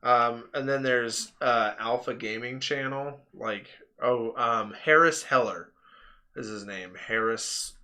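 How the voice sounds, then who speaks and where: A man's voice: mid-range voice, slow, bright, forceful tone. A man hosting a live stream, chatting casually and rambling through anecdotes with lots of fillers and laughter. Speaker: stream host.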